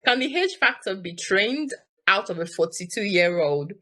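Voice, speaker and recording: A woman's voice: mid-range voice, very animated, measured pace, bright, forceful tone. A woman hosting a talk show, reading out a viewer's letter and chatting, amused and apologetic about her laughter.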